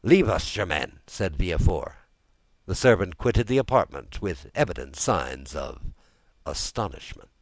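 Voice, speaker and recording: Deep-voiced expressive male narrator. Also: a little slow, no room sound. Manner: expressive, theatrical reading. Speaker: audiobook narrator. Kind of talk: audiobook narration.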